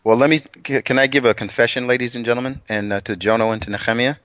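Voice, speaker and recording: A man's voice: medium pitch, fairly even intonation, fast talker, a bit bright, no echo, lo-fi sound. A man co-hosting a casual Bible study chat, rambling and self-deprecating, with plenty of restarts. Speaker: co-host.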